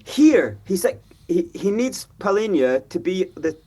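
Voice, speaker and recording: A high, husky-voiced man talks football on a fan panel. He is animated and mimics players' voices as he makes his points. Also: moderate pace. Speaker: fan pundit. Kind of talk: football fan show discussion.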